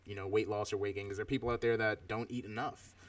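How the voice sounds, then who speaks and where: A man's voice: lowish voice, flat delivery, fast, recorded from a distance, crowd noise. A man in his thirties chatting casually while reviewing a film, reflective and rambling with many fillers. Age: 30s. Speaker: podcast co-host.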